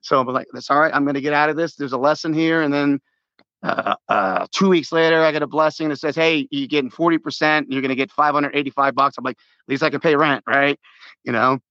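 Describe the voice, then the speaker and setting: A man's voice: a little high, no room sound, dull audio. A middle-aged man from the United States, calling a sports radio show and telling a long, rambling story full of restarts. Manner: rambling, animated, frequent restarts and laughs. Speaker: caller.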